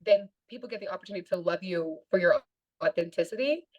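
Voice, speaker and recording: A woman's voice: fairly low pitch, fast talker, dull audio. A woman guesting on a podcast, telling stories in a chatty, casual way and laughing often. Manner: chatty storytelling with frequent laughter. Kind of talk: casual interview chat.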